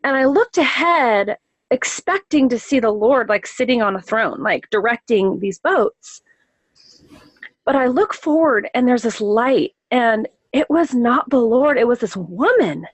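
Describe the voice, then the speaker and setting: A woman's voice: a little high, expressive, a little slow, no echo, poor audio. A woman giving a casual spoken account of a vision she had. She talks earnestly and reflectively, often searching for words with fillers and restarts. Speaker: person sharing a vision.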